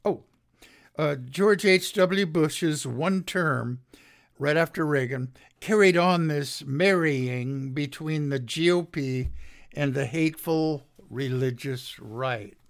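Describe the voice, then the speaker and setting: Slow, gravelly man reading sardonic commentary. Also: on the high side. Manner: slow, deliberate, sardonic, many pauses and fillers. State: dry throat. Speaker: podcast host. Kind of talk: reading political commentary from notes.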